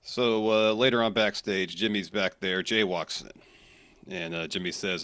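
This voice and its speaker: A man's voice: low voice, fairly even intonation, unhurried, fairly bright tone, clear, resonant tone. A man co-hosting a podcast, thinking aloud about wrestling storylines in casual chat. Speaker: podcast co-host.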